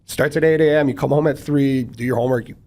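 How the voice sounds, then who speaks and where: A man, a former professional football player, chatting casually as a guest in an interview, talking quickly with many fillers. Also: medium pitch, fairly even intonation, a little mellow. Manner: quick, rambling, frequent fillers.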